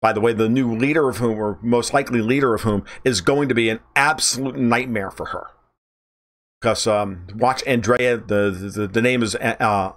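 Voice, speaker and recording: Low-voiced man ranting about politics. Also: normal speed, fairly bright tone. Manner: rambling, blunt, profane, with many restarts. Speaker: podcast host. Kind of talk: political commentary monologue.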